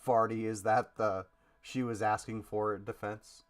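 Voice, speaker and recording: A man's voice: fairly low pitch, little pitch movement, measured pace. A man co-hosting a podcast, talking bluntly and profanely with a joking edge in a casual chat. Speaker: podcast co-host.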